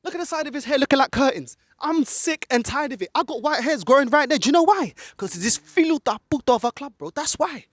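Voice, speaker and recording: Very high and animated, this man's voice races along with hardly any pauses and a fairly bright tone, free of echo. It's an angry rant for a football fan vlog, filmed in an outdoor car park on a camera held by a friend, with occasional lapses into Portuguese.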